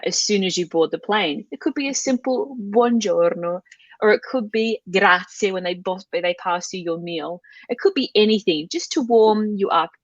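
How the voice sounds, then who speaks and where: A woman, a language teacher talking as an interview guest, lively and acting out little exchanges in a raised voice. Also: fairly low pitch, no room sound, dull audio. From Australia. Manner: animated, acts out quoted exchanges in a lifted voice. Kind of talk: conversational interview.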